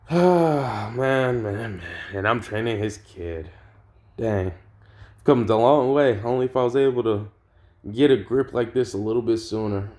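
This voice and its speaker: A man's voice: medium pitch, slow pace, a little mellow, lightly acted. A man doing a wistful, rambling veteran fighter. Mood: nostalgic. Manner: nostalgic, rambling, sighing. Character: wistful one-armed male veteran fighter.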